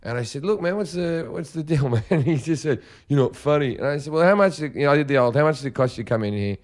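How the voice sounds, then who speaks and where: A man's voice: a little high, expressive, fast talker, darkish tone. A man, a podcast host, telling a story in casual chat and acting out the people he quotes.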